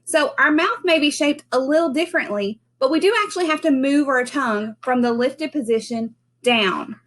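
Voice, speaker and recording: A woman giving a children's speech lesson from home, modeling sounds slowly and clearly. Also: sits high, a bit bright. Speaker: speech teacher.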